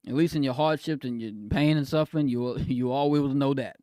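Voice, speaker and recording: A man streaming live in casual chat, swinging between soft apologies and loud excited exclaims, laughing and cutting himself off often. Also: mid-range voice, brisk, hardly any pauses, dry recording, clean studio sound. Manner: self-interrupting, laughs often.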